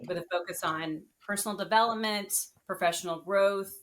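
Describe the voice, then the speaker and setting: A woman guest on a podcast, telling her story in a casual, animated and earnest way. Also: medium pitch, moderate pace.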